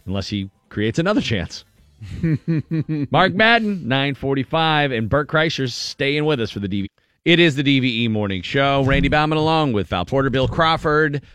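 A man's voice: medium pitch, expressive, normal speed, fairly bright tone, no room sound. A man hosting a morning radio show, chatting casually and reading a news item aloud with playful quoted voices.

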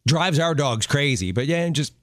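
A man's voice: on the high side, animated, normal speed, a bit bright, dry recording, clean studio sound. A man co-hosting a radio show, easygoing and joking in casual chat.

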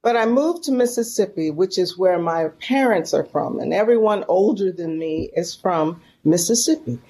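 A woman from San Francisco, a guest in an interview, telling a story in a folksy, animated and emotional way. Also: lowish voice, normal speed. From San Francisco, California. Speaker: podcast guest, professor.

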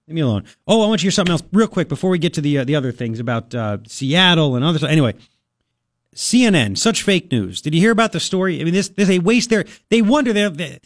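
Male talk radio host, animated delivery, dry close sound. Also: a little high, no room sound. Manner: animated, laughing, mocking voices. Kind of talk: casual talk radio banter.

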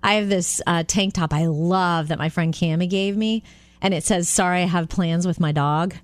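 A female radio co-host who chats brightly and laughs easily between stories. Her voice is dry and close to the mic. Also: lowish voice, no room sound. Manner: bright, chatty, quick to laugh. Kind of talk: casual radio chat and story reading.

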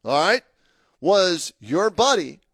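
A man co-hosting a local sports radio show, his voice pitched high and recorded dry and close. He talks in an upbeat, rambling way, full of promotions and fillers. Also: sing-song, slow pace, a bit bright, husky, no echo. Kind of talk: casual radio talk.

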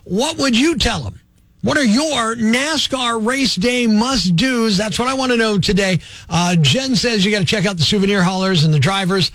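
A man hosting a morning radio call-in show, talking quickly and joking, sometimes working himself up into a rant. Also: sits high, a bit bright, dry recording. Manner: quick, jokey, worked up. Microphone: studio microphone.

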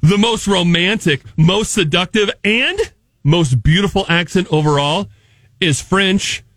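Man, radio co-host, high pitch, slow drawl, breathy, bright, playful, dry close mic. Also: dry recording. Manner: playful, hamming it up. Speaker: radio morning show co-host. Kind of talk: casual radio banter.

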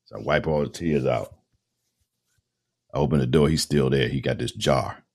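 A man's voice: extremely low pitch, normal speed, a little mellow. A middle-aged man, a voice-over artist, telling a long personal story as a podcast guest in a casual, slangy way and acting out the dialogue.

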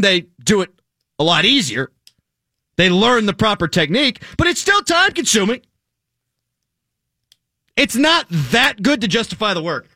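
Young male host from Pittsburgh, high bright voice, dry close mic, sarcastic and blunt. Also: no echo. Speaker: show host. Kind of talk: casual banter on a podcast.

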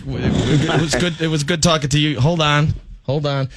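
A man's voice: on the high side, steady tone, normal speed, noisy background. A man co-hosting a radio quiz, teasing callers with mocking wisecracks. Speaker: radio show co-host.

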